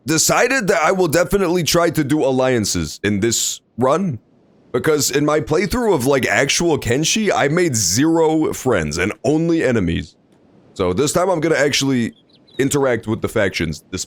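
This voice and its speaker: Man, game streamer, casual joking commentary, very swooping expressive pitch, dry close sound. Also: moderate pace, no room sound. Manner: animated, jokey, talks to game characters.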